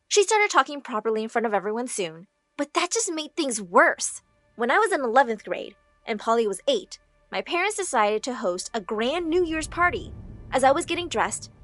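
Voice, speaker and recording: A young woman narrating a dramatic first-person story in an expressive, emotional way. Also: high-pitched.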